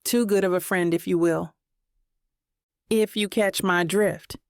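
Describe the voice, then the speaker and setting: A woman's voice: fairly low pitch, fairly even intonation, a little slow, no room sound, clean studio sound. A woman voicing a teasing young woman who works as an event planner. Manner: teasing, sly.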